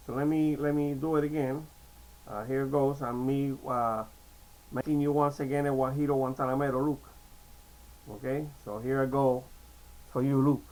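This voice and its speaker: A man's voice: sits high, low-quality recording. A man vlogging to a viewer, talking casually between karaoke songs and searching for his words.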